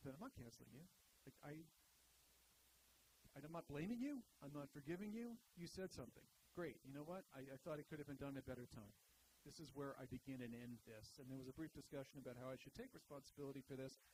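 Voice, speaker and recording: A man's voice: on the high side, expressive, fast, darkish tone, a little hiss or hum, low-quality recording. A man telling a stand-up story to a live audience in a wry, conversational way. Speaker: stand-up comedian. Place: live venue.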